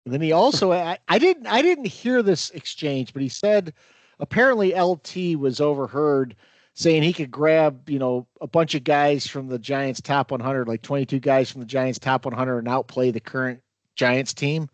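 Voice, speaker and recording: Higher-voiced man in halting sports chat. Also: dry recording. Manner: halting, repeats words, wry. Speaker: podcast co-host.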